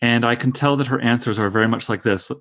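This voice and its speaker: A man's voice: medium pitch, quick pace, fairly bright tone. A man in his thirties leading a casual literary discussion, enthusiastic and stumbling over restarts. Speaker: discussion leader.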